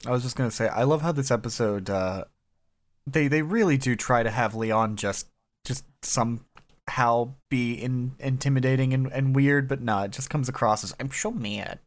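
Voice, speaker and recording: A woman's voice: a bass voice, normal speed. A woman co-hosting a podcast in casual chat, blunt and playful, swearing freely. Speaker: podcast co-host.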